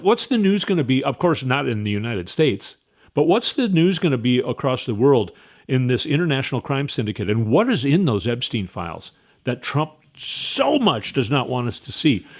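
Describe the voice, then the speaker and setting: A man hosting a casual political commentary monologue, rambling and firing off rhetorical questions. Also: a little high. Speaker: host.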